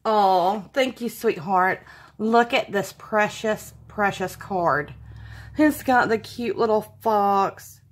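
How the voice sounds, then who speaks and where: A woman's voice: medium pitch, takes it slowly. A woman hosting a casual craft unboxing vlog, gushing and exclaiming over everything she opens. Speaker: craft channel host.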